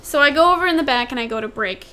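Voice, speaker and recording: High-voiced young woman telling a rambling story. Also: expressive, rapid-fire, pushed and bright. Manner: rambling, repeats herself, acts out quotes. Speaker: podcast co-host. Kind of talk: casual storytelling chat.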